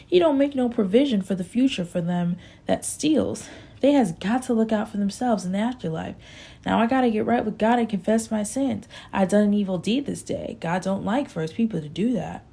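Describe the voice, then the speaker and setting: Woman voicing old backwoods farmer, pious, sly, preachy, gravelly. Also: medium pitch, a little fast, dark tone. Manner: preachy, self-righteous pleading.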